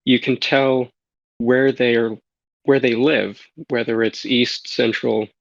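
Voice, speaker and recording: A man's voice: medium pitch, steady tone, slow pace, gravelly, no echo. A Canadian man with a Canadian accent, a podcast guest chatting casually, stammering and restarting as he rambles. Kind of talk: casual chat. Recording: slightly dull lo-fi audio.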